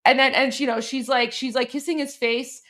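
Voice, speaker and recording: A woman's voice: high voice, steady tone, brisk, fairly bright tone. Chatty Canadian woman hosting political commentary. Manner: chatty, many fillers and restarts. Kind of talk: casual commentary, explaining a video clip.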